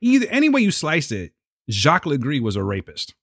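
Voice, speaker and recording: Male co-host, blunt and profane film talk, lively voice, dry recording. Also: fairly high pitch, a little fast, creaky, no echo. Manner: blunt, swears, indignant. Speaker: podcast co-host. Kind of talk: casual film review chat.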